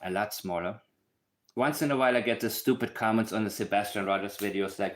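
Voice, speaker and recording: A man hosting a livestream analyzes a case in casual commentary, speaking fast in a lowish voice. He's emphatic and blunt, tossing asides to his viewers.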